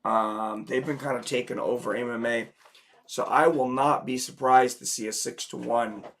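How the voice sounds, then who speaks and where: A man's voice: mid-range voice, gravelly. A man who is sick and losing his voice, hosting a casual livestream and talking through viewer comments in a rambling way. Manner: rambling, filler-heavy. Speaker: livestream host.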